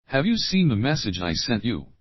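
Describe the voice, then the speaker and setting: A man with a medium-pitched voice and big pitch swings, an English teacher, reads example questions slowly and clearly for learners. Each time he repeats the opening phrase, then reads the entire question. The recording is dry and muffled.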